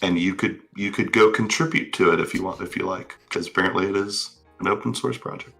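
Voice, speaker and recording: Low-voiced guy cohosting a chat show, rambly, lots of fillers, bright tone. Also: fairly quick, creaky, soft background music. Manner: relaxed, rambling with filler words. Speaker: podcast co-host. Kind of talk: casual chat.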